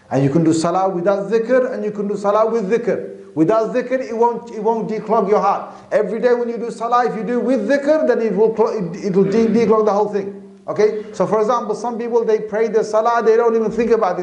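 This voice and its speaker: A British man giving an animated Islamic talk, stopping now and then to chant and recite. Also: high voice. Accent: British English. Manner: animated, demonstrative, chants and recites between points. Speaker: religious teacher. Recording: echoey hall.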